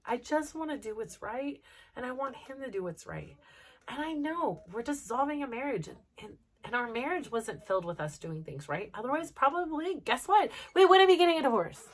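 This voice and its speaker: A woman's voice: fairly high pitch, sing-song, normal speed. A middle-aged woman hosting a personal podcast, talking in an earnest, rambling way with lots of fillers, emotional as she opens up. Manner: earnest, rambling, full of "like" and "you know". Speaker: podcast host.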